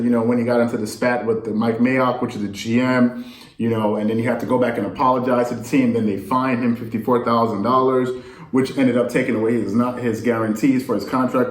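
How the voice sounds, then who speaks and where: A man's voice: mid-range voice, reverberant. A man talking casually about sports news, rambling and incredulous, speaking straight to his viewers. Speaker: sports commentator. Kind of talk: casual sports talk monologue.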